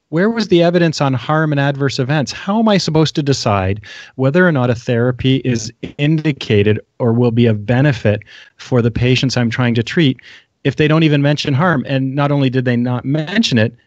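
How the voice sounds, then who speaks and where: A man discusses medical studies on a panel, wry and animated, with frequent laughter. The sound is dry and close, with a dull, lo-fi quality. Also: mid-range voice, no room sound. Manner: wry, animated, laughs often, quick asides.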